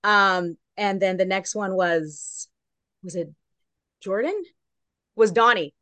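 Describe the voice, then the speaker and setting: Woman, casual storytelling, lively quotes, dry close sound. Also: mid-range voice, slow pace, no echo. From Long Beach, California. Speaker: guest correspondent. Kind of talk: casual chat.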